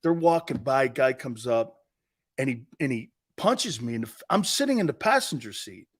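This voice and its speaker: A man's voice: medium pitch, very animated, moderate pace, slightly rough. A man hosting a sports talk show, telling stories in a boisterous, casual way, laughing often and swearing freely. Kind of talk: casual chat and storytelling.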